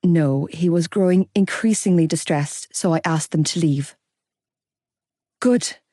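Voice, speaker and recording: A woman's voice: on the low side, measured pace, mellow, no room sound. A woman voicing a heartbroken, fiercely loyal young woman close to tears in an audiobook. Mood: urgent. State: crying.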